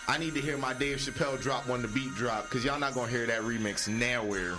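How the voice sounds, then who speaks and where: A man co-hosting a podcast in casual chat. He is an animated storyteller who uses heavy slang and cusses. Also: medium pitch, a little fast. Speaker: podcast co-host. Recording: music playing under the talk.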